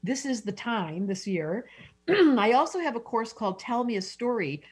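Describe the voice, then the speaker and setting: A middle-aged woman, a guest astrologer, speaks in a slightly high, sing-song voice at a moderate pace, her tone a bit mellow and slightly rough. She's enthusiastic and emotional in the interview, gushing and frequently restarting sentences.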